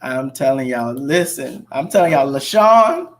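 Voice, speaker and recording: A man's voice: medium pitch, animated, measured pace. A man, a pastor, encouraging a member of his congregation during a church livestream. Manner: warm encouraging affirmations. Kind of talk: casual church livestream talk.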